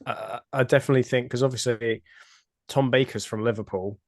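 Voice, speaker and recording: A British man hosting a casual podcast chat, talking with many pauses and restarts. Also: mid-range voice, fairly even intonation, dry recording, clean studio sound. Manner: hesitant, many fillers and restarts. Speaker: podcast host.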